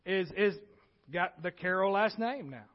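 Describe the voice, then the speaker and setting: A man preaching a sermon, repeating key phrases and swinging between loud points and quiet asides. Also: high voice, unhurried, lo-fi sound. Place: church.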